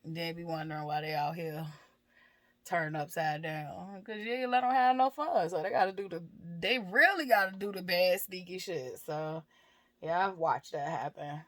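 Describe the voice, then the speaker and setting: A woman's voice: on the low side, moderate pace, fairly bright tone, no echo. A woman vlogger and mother talking frankly about her life and parenting, laughing often and swearing freely, with many fillers. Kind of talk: candid personal talk to camera.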